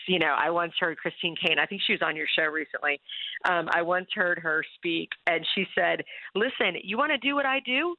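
Woman, gravelly low voice, tinny phone-line sound, earnest chatty coach, laughs easily. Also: no echo. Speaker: guest coach. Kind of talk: casual chat.

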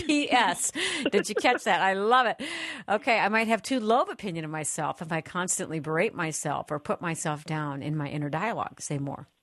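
A woman's voice: fairly low pitch, a little fast, few pauses, fairly bright tone. A woman hosting a talk show, affirming her guest and reading listener texts. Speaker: radio show host. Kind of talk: casual chat.

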